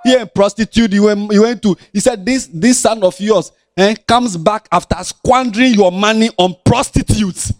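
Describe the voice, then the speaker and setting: A man with a Ghanaian accent preaching a lively Bible lesson to children, animated and sing-song, teasing his listeners as he talks. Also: sits high, normal speed, hardly any pauses, no echo.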